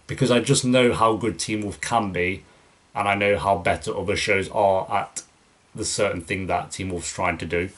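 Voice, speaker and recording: Young guy, really low voice, rambly q&a chat, lots of um and like. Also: a bit bright. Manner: rambling, loose, many fillers and restarts. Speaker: YouTube reaction channel host. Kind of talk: casual Q&A, reading viewer questions.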